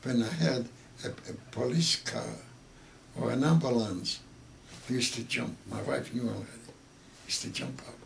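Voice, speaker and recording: A man in his eighties with Yiddish as his first language, telling a story with halting, repeated words that grow emotional. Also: medium pitch, creaky, a little hiss or hum. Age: 80s. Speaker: interviewee. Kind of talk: oral history interview.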